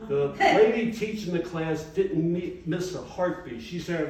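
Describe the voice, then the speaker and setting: With a high, slightly mellow voice, an older comedian who used to be a firefighter delivers brash, profane stand-up a little slowly and with few pauses. He performs in a former yoga studio, heard through a distant mic in an echoey room with an audience present.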